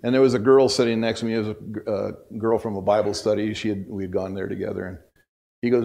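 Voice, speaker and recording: A male pastor preaching a sermon in a church, telling a personal story in a conversational way that swings between loud bursts and hushed asides. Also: lowish voice, fairly even intonation, quick pace, creaky.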